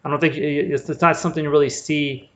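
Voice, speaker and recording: A man's voice: on the high side, flat delivery, brisk, fairly bright tone. A man teaching a Bible passage in a loose, rambling way, with lots of fillers and restarts. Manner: rambling, filler-heavy, conversational. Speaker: preacher. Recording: dull lo-fi recording.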